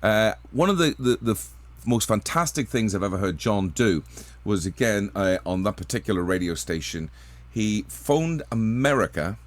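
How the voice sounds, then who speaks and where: Male breakfast DJ, low pitch, eager banter. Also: animated, normal speed. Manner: enthusiastic, easy banter. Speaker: radio breakfast host. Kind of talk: radio interview.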